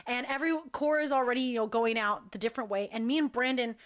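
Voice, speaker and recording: A woman who directs a dance crew, telling an animated, chatty story full of "like" fillers. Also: a little high, fast. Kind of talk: casual storytelling.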